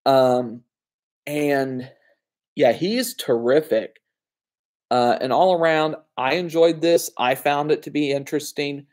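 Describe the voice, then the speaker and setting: A man's voice: on the high side, takes it slowly, darkish tone. Casual man reviewing movies. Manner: conversational, frequent fillers and asides. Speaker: film reviewer.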